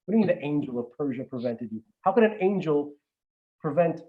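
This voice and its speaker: Rambling man, slightly high voice, casual swearing talk, muffled lo-fi mic. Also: lively intonation, fast talker. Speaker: regular podcast guest. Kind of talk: casual chat.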